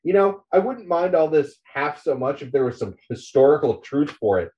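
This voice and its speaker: A man's voice: on the high side, expressive, moderate pace, dark tone, distant mic, muffled recording, natural voice. A man doing Spider, a furious profane journalist. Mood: scathing. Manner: profane, scathing tirade. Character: furious cynical male journalist ranting at a crowd.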